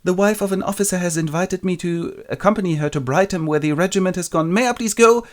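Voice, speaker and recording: A man's voice: sits high, fast talker, pitched above the performer's own voice, close to an everyday voice. A man voicing a melodramatic, flighty teenage girl who whines and pleads. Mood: melodramatic pleading. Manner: whiny, melodramatic.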